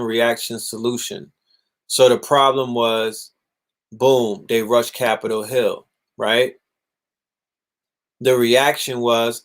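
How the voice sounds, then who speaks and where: A young man hosting a casual livestream monologue, animated and profane, sometimes mocking others in put-on voices. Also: mid-range voice. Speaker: livestream host.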